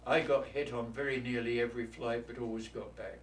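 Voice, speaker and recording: Brisk and fairly even in intonation, his mid-range voice delivers blunt, salty war recollections: he's a Londoner in his eighties being interviewed for an oral history. The mic is distant, the room echoey, and there's faint noise.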